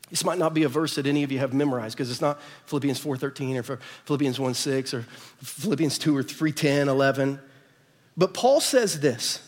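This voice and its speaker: A middle-aged man with an American accent, preaching a sermon and telling family stories in an animated way, acting out the dialogue. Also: a little high. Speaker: pastor. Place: church sanctuary. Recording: reverberant church hall.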